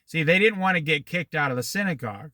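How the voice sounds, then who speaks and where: A man in his sixties leading a Bible study, reading scripture and wandering into opinionated, animated asides and stories. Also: fairly high pitch, fast talker, no room sound. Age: 60s. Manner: opinionated, digressive, animated storytelling. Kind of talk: Bible study teaching with commentary.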